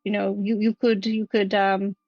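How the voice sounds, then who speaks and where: A woman voicing a calm adventurer in a tabletop role-play, thoughtful and measured, pausing to weigh her words. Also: mid-range voice, no echo, lo-fi sound, close to an everyday voice. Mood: earnest. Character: calm, reasoning adventurer offering counsel.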